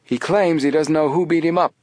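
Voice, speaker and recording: A man's voice: fairly high pitch, steady tone, fairly quick, darkish tone, no room sound, voice pushed up, lightly acted. A man voicing a tall, drawling male police lieutenant in an audiobook.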